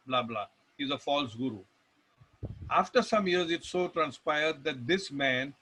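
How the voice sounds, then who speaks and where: A man's voice: fairly high pitch, bright, forceful tone, low-quality recording. A man with an Indian English accent giving a rambling spiritual talk, telling stories with restarts and emphatic lists. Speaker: devotional speaker.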